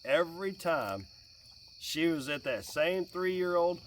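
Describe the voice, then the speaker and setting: Lively middle-aged dad by a fire. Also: male voice, a little high, slow, a little hiss or hum. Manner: animated, laughs often while telling stories. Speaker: vlogger and dad. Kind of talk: casual fireside storytelling. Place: outdoors by a fire at night. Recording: distant mic outdoors, faint crickets. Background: faint crickets and outdoor ambience.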